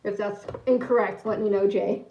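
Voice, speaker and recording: A woman's voice: medium pitch, lively intonation, a little slow, mellow, a little hiss or hum. A young woman livestreaming, telling a story in a rambling, giggly way and greeting viewers in chat. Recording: echoey room, mic at a distance, dull lo-fi sound.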